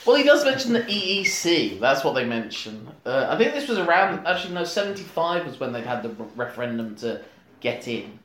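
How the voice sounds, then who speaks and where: A man's voice: a little high, very animated, a bit bright, reverberant, a little hiss or hum. A man chatting casually and jokily while reviewing an old comedy film. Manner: jokey, quick asides, laughs often. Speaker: podcast co-host.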